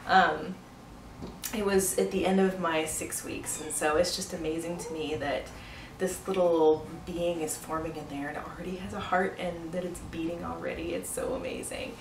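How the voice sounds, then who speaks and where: A woman's voice: lowish voice, moderate pace, echoey room, far from the mic, slight background noise, low-quality recording. A young woman chatting casually in a vlog, often laughing and filling her speech with "like" and "um". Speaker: pregnancy vlogger.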